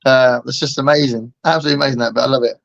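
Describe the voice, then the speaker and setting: A man's voice: medium pitch, fairly even intonation, very fast, gravelly, a bit bright. A man hosting a casual chat, enthusiastic, with lots of fillers and restarts. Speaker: host. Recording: dull lo-fi sound.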